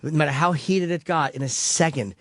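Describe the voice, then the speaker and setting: Man on a talk show, quick and slightly high voice, earnest and profane. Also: a bit bright. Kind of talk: casual radio talk-show chat.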